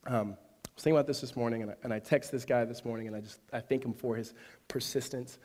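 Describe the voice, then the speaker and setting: A man's voice: medium pitch, steady tone, quick pace, darkish tone. A man preaching a sermon in a casual, conversational way, his voice climbing to emphatic peaks. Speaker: pastor. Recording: hall reverb.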